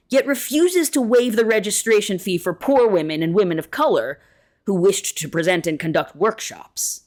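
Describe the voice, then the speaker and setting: A woman reads an essay aloud in a lower-pitched voice with a wide, expressive range. She keeps a measured, deliberate pace and slows down to stress key words. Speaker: reader of an essay.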